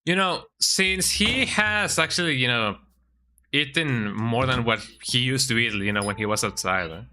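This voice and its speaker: A man's voice: mid-range voice, lively intonation, moderate pace, pushed and bright. A man streaming a game, chatting casually, often ending sentences with "eh?" and talking to his cat. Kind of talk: casual gameplay commentary.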